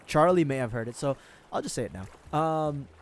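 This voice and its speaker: A man's voice: on the high side, lively intonation, normal speed. A man from the Philippines chatting casually with viewers on a gaming livestream, laughing often and swearing freely as he rambles.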